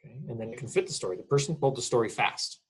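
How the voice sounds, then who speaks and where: A man's voice: mid-range voice, lively intonation, very fast, breathy edge, low-quality recording. A middle-aged man, a college English instructor, explains grammar in a casual recorded lecture, often checking in with "okay?".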